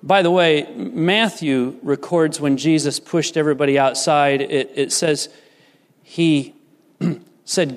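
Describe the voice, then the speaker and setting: A man delivers a sermon with a fairly high voice. He swings between rising, emphatic peaks and hushed, low asides. His voice rings with a long reverb from a church hall. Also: takes it slowly. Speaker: pastor.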